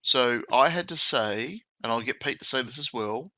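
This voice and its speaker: Brief: easygoing Australian host, crisp bright tone, dry recording. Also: male voice, medium pitch, animated, moderate pace, no echo, low-quality recording. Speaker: podcast host. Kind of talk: casual podcast chat.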